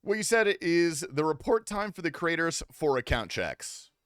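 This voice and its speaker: A young man on a gaming livestream, joking with chat in a loose, swear-laced way. His pitch jumps around expressively. The sound is dry and close to the mic. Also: very animated, moderate pace, fairly bright tone, dry recording. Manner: loose, profane, teasing banter with chat. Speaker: streamer. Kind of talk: casual gaming livestream commentary.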